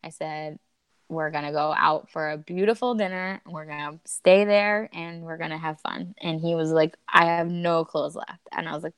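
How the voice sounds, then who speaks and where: A woman in her thirties tells a personal story as a podcast guest, animated and emotional, laughing now and then. Her voice sits a little low. The sound is dry and close. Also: moderate pace, clear, resonant tone, no echo. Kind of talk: candid storytelling.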